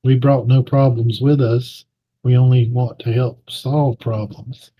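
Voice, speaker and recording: A man speaks in character during an online tabletop game, earnest and measured. He talks slowly, and his audio comes through a little muffled over the call. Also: mid-range voice, flat delivery, slight background noise. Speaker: player.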